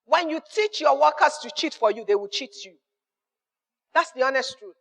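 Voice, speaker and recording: High-voiced Nigerian woman giving business advice. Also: expressive, moderate pace, gravelly, a bit bright, long reverb tail. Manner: emphatic, repeats key phrases, acts out little dialogues. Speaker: business mentor. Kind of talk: motivational business advice talk.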